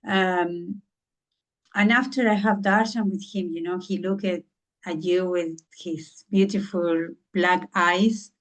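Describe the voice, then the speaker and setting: A woman's voice: fairly low pitch, fairly even intonation, slow. A woman who is a podcast guest, earnestly telling a personal story and often searching for words with frequent "you know.". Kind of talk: personal story in a conversational interview. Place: lives in southern England.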